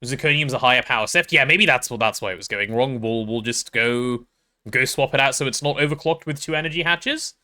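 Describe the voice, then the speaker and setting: A brisk young man with a medium-pitched voice that sounds pushed and bright chats casually while streaming a game. He rambles playfully and tells self-deprecating stories.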